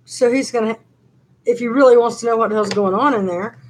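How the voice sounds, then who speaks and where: A woman's voice: a little high, a little fast, a little hiss or hum, low-quality recording. An older woman hosting a casual live-stream chat, rambling through stories with lots of fillers. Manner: rambling, chatty storytelling with many fillers. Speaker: channel host on a live chat.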